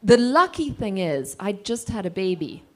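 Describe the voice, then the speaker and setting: A woman's voice: mid-range voice, big pitch swings, normal speed, darkish tone. Witty self-deprecating woman from Zimbabwe. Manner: humorous, self-deprecating storyteller. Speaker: author guest. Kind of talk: casual conversation with an audience.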